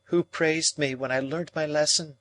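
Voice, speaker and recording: A man's voice: on the high side, fairly even intonation, fairly bright tone, voice pushed up, close to an everyday voice. A man voicing a cold, proud young woman. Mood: cutting. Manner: measured, coolly reasoning.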